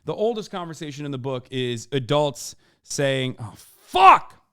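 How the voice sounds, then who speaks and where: A man in his thirties talks through a live reaction stream in a smooth, resonant voice, recorded dry and close with no room sound. He rambles with plenty of fillers and restarts, swears freely and flares up now and then in loud exasperation. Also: medium pitch, lively intonation, normal speed, no echo. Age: 30s. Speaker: streamer and political commentator. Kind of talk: casual reaction-stream commentary.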